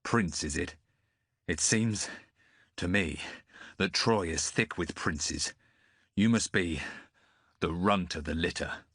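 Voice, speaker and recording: A man voicing a hard, wounded warrior in an audiobook, speaking in a harsh, cold, slow way. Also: low voice, a bit bright, husky, dry recording, clean studio sound, heavily acted.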